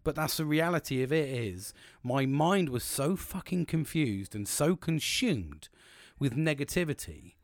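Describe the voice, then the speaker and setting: A man's voice: a little high, big pitch swings, unhurried, dry recording. A middle-aged British man hosting a podcast, talking frankly and reflectively about his own struggles, with lots of swearing and real emotion. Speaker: podcast host. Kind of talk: candid personal monologue.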